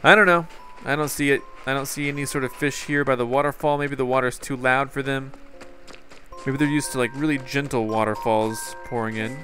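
A man's voice: medium pitch, steady tone, fairly quick, pushed and bright, faint music behind. A man hosting a casual gameplay video, chatting in a playful, rambling way with jokey asides. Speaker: gameplay host. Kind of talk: casual let's-play commentary.

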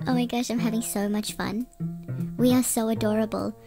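A woman voicing a shrunken, tiny version of her game avatar, giggly and squealing with excitement. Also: fairly high pitch, fairly quick, music in the background, lightly acted. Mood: giddy. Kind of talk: game voice-over.

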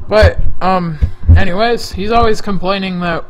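A man's voice: sits high, measured pace, a little hiss or hum. A man telling a rambling, jokey story-time vlog into a desk microphone, often sidetracking himself. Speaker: vlogger.

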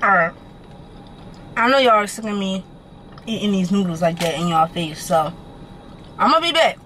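A young woman vlogging from her car, chatting to her viewers in an animated, slangy way and swearing casually. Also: mid-range voice, normal speed, a little hiss or hum, low-quality recording. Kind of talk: casual chat to camera.

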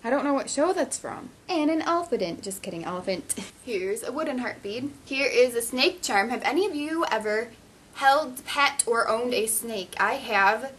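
A bubbly teenage girl chats through her fan-mail unboxing, her voice sitting a touch high. She gushes over each little item. A faint hiss of room noise runs under her talk. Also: unhurried. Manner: bubbly, chatty, easily excited. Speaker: craft vlogger.

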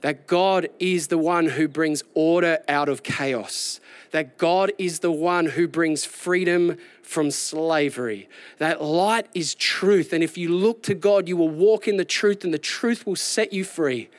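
A man preaching a sermon outdoors, animated and building to a raised, excited delivery. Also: a little high, a little slow, dry recording. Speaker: pastor.

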